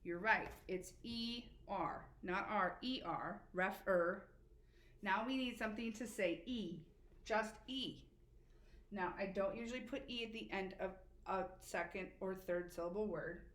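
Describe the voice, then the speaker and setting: A woman teacher giving a spelling lesson to children, patient and encouraging, slowly spelling letters out. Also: medium pitch, fairly bright tone. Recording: echoey room with faint background noise.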